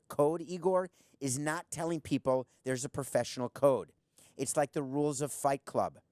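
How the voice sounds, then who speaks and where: A man's voice: medium pitch, a little mellow, no echo. Middle-aged male host, punchy and sarcastic commentary monologue, dry studio sound. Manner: sarcastic, emphatic, talks straight to the viewer. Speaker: show host, former team owner. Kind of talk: opinionated sports commentary monologue.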